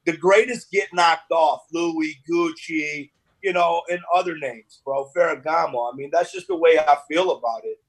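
A man talks through a casual podcast interview as a guest, his voice somewhat husky and sitting a little high. He is relaxed and streetwise, often stammering and repeating words as he goes. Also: normal speed, low-quality recording. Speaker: podcast guest, business owner.

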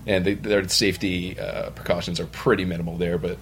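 A young adult man on a podcast, telling stories in a casual, animated way and acting out other people's lines. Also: deep voice, brisk. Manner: animated storyteller, acts out quoted voices. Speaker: bar owner, podcast guest. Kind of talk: casual storytelling chat. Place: podcast studio.

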